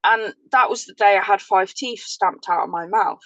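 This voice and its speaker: This is an English woman sharing a hard story from her past in relaxed conversation. She speaks bluntly and colourfully, with the odd curse thrown in. The recording is close and dry, with no room sound. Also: mid-range voice, normal speed, no echo, highs cut off. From England. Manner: blunt, swears freely, vivid. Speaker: guest, former prisoner. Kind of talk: casual storytelling chat.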